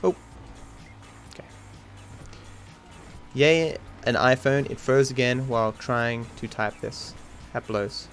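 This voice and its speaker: A man livestreaming a speedrun while reading and answering his chat, with plenty of swearing. He grumbles at bad luck and pokes fun at himself. His voice sits in an ordinary middle pitch, with faint music underneath. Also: slow pace, long pauses. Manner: swears often, talks to chat between attempts; easily frustrated, self-mocking. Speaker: speedrunning streamer. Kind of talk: live gameplay commentary.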